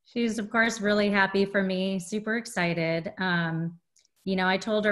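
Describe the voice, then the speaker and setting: A woman's voice: mid-range voice, level tone, moderate pace. A woman, a guest in a casual interview, talking earnestly with many "you know" fillers.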